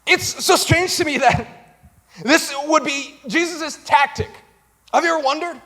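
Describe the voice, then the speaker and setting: A young man preaches with his voice pitched very high. He tells the story in an animated, comic way and acts out other people's voices along the way. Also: a little slow. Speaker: pastor. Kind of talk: comedic sermon. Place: church stage.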